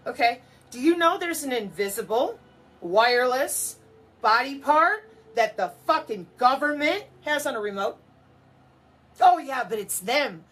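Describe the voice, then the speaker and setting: A woman's voice: high-pitched, animated, unhurried, a bit bright. A woman in a mocking, profane monologue to camera, full of sarcasm. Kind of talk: ranting monologue.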